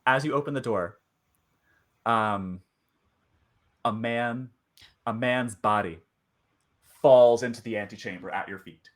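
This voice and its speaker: A man running a tabletop horror game as game master, narrating in a halting way with many fillers. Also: medium pitch.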